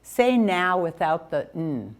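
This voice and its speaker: A woman teacher guides a student through sounds and spelling rules. She speaks slowly and calmly in a somewhat low voice, with a patient, coaching manner. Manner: slow, calm, coaching. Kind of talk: patient phonics instruction.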